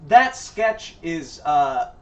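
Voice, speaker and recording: A man's voice: a little high, very slow, dull audio. A man and father in casual chat, telling stories with animation. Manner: animated storyteller. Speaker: show cast member. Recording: distant mic with faint noise.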